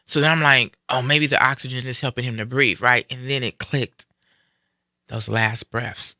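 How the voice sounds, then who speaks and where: A man in a casual live-stream conversation, retelling a personal story in an animated way and acting out what people said. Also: medium pitch, moderate pace, dry recording, studio quality. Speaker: guest sharing a personal story.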